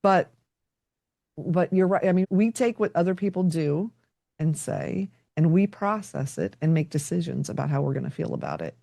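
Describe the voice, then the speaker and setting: A woman's voice: fairly low pitch, animated, normal speed, creaky, warm tone, no room sound, studio quality. A middle-aged woman, a podcast guest, talking reflectively and telling stories with quoted dialogue. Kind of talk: conversational interview.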